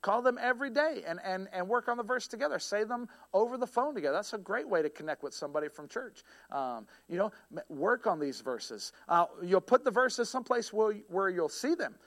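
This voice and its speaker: High-voiced folksy pastor. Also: male voice, animated, brisk, fairly bright tone. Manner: folksy, joking, conversational preaching. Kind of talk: sermon.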